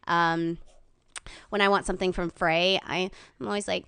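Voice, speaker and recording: A woman chatting as a podcast guest, candid and quick to laugh. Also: on the low side, level tone, creaky, a bit bright, clean tone, no room sound. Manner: giggly, candid. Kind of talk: casual chat.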